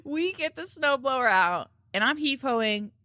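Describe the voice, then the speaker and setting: Woman, bright, casual story, swears, laughs, dry mic. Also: high voice, expressive, measured pace, no room sound. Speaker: podcast co-host. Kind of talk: casual chat.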